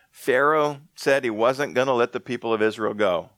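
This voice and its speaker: Low-voiced man preaching, dry sound. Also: expressive, a bit bright, dry recording. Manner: conversational, restarts often, reads scripture slowly. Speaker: pastor. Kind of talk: sermon.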